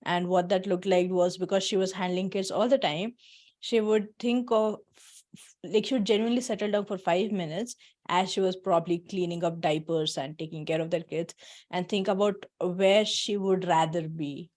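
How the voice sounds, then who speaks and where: A woman's voice: on the low side, steady tone, moderate pace, a little mellow. A woman hosting an online workshop on a video call, chatting casually and encouragingly, laughing often. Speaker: workshop host. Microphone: computer mic on a video call.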